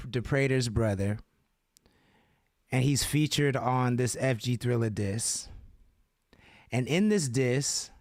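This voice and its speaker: Male streaming host, offhand and profane, mid-pitched voice, dead-dry close recording. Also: no echo. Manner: loose, reads chat aloud, swears freely. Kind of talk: casual live-stream chat.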